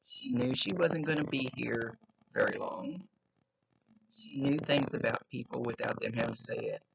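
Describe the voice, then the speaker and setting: A woman's voice: extremely low pitch, normal speed, gravelly. A woman psychic medium talking casually in a chatty, rambling way during a reading. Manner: chatty, rambling, laughs often. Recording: lo-fi with faint noise.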